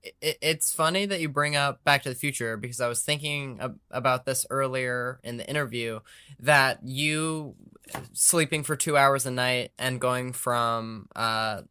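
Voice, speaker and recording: A man's voice: mid-range voice, a little slow, bright, forceful tone, clear, resonant tone, no echo, clean studio sound. A man hosting a podcast interview, chatting eagerly with some stammered starts. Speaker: podcast host. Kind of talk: casual interview chat.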